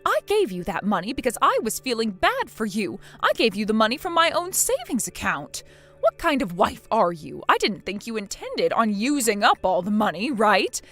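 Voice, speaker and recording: A woman's voice: fairly high pitch, wildly swooping pitch, normal speed, a bit bright, faint music behind, exaggerated voice. A woman voicing a bossy, scornful middle-aged mother-in-law in a text-message drama, harsh and scolding.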